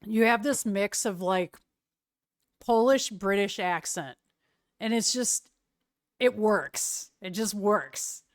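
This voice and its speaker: A woman streamer chatting casually with her viewers, relaxed and quick to laugh. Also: medium pitch, no room sound, clean studio sound.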